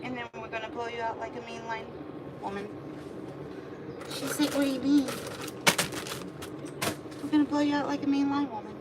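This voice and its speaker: A woman's voice: on the high side, fairly even intonation, fairly quick, pauses often. A woman cat groomer chatting on a livestream in a grooming salon, cooing and humming to the cat as she works. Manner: coos and hums to the cat. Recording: loud background noise.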